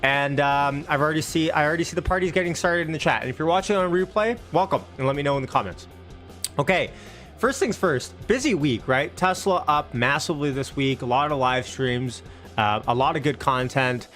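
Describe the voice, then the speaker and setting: A man's voice: a little high, a little fast, a bit bright, soft background music. A man hosting a casual stock market livestream, upbeat and chatty, greeting viewers from the chat with loose restarts.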